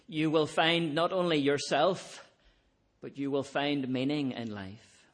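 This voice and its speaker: A man preaching an evangelistic sermon, earnest, swelling to emphatic peaks and then dropping to soft, quiet appeals, closing in prayer. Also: on the high side, unhurried.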